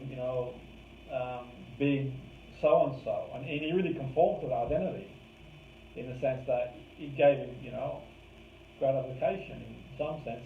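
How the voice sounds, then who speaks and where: A man teaching a live course in a conversational way, leaning on key words to make his points. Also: medium pitch. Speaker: course trainer. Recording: roomy, distant, phone-like lo-fi with faint hiss.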